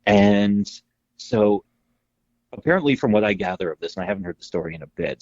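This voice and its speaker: Husky low-voiced man telling stories. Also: fairly quick, no echo, highs cut off. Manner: animated storyteller, acts out quotes, swears freely. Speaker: podcast co-host. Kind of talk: casual storytelling chat.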